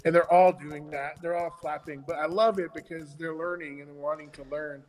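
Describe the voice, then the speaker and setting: A man's voice: fairly high pitch, steady tone, moderate pace, long reverb tail, poor audio. A man co-hosting a casual chat about children's ministry puppetry, talking in a rambling way with many restarts.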